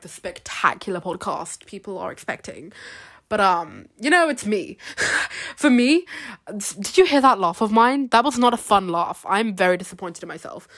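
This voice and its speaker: A woman's voice: mid-range voice, a bit bright, dry recording. Young woman, casual podcast ramble, giggly, self-deprecating, dry close sound. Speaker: podcast host.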